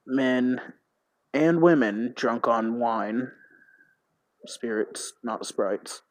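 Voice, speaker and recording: A man streaming a text role-playing game, reading it aloud haltingly and thinking out loud about his choices. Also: mid-range voice, steady tone, no echo, low-quality recording.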